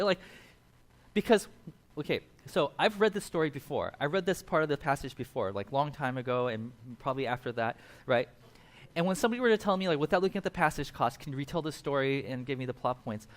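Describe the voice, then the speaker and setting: A male pastor with a voice on the higher side delivers a sermon. He tells the story in a loose, animated way and jumps into quick voices for the people in it.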